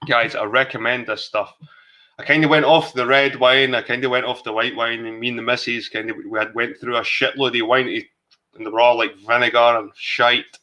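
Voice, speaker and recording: Scottish guy hosting a stream, bit tipsy, chatty and sweary, bright tense voice. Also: mid-range voice. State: slightly tipsy. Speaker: livestream host. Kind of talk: casual chat.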